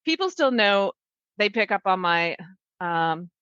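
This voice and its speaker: A woman's voice: mid-range voice, measured pace, clean tone, no room sound. Chatty woman from Maine, dry muffled mic. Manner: chatty, animated storytelling. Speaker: podcast co-host. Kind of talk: casual chat.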